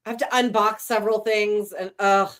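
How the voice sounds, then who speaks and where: A woman's voice: medium pitch, fairly even intonation, normal speed, fairly bright tone. Chatty woman reading comments. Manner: chatty, reads viewer comments aloud. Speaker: host. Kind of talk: casual livestream chat.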